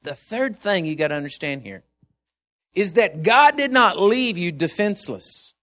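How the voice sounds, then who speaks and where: A man's voice: sits high, animated, normal speed, fairly bright tone. A male preacher giving a sermon in an emphatic, conversational way.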